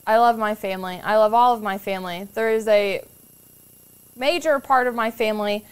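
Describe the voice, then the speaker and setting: Smooth-voiced young woman, candid chat. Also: mid-range voice, normal speed. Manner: candid, swears casually, acts out voices in her stories. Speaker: guest. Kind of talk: casual storytelling chat.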